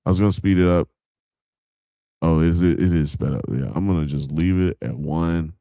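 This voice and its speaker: Deep-voiced man hosting a heated podcast. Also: moderate pace, gravelly, mellow, dry recording, studio quality. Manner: argumentative, swearing, talks over his co-host. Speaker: podcast host. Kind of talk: casual heated podcast debate.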